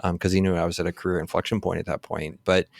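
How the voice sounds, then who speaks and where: A man in his forties from San Antonio talks loosely in a podcast chat, piling up fillers and restarting his sentences. His voice sits on the low side. The sound is dry and close. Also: flat delivery, quick pace, vocal fry, no room sound. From San Antonio, Texas. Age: 40s. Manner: rambling, many filler likes and restarts. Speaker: podcast host. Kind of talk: casual conversation.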